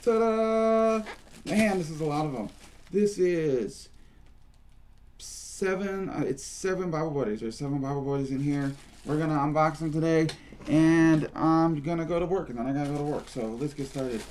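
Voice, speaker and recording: A man's voice: a little high, moderate pace, darkish tone, a little hiss or hum. A man chatting playfully through a casual unboxing, rambling and humming as he goes. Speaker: unboxing host.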